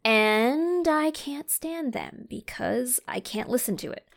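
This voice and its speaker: A woman co-hosting a podcast in casual chat, telling stories in a lively, animated way. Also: fairly high pitch, slow, vocal fry. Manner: animated storyteller who acts out quoted voices. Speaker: podcast co-host.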